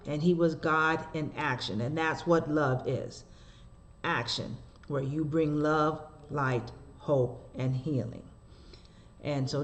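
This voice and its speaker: A woman minister delivers a sermon and tells stories in an animated way, tossing rhetorical asides to her listeners. When she reads scripture she slows down and measures out each phrase. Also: deep voice.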